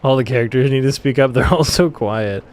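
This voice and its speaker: A man's voice: medium pitch, brisk. A young man co-hosting a game playthrough, laughing often and teasing while guiding the player. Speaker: gaming co-host. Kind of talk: casual let's play chat.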